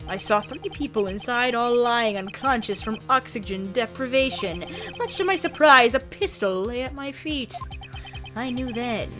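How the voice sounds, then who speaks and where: A woman's voice: a little high, animated, moderate pace, fairly bright tone, faint music behind. A woman voicing an arrogant older male prosecutor who bellows with theatrical rage. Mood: cold confessing.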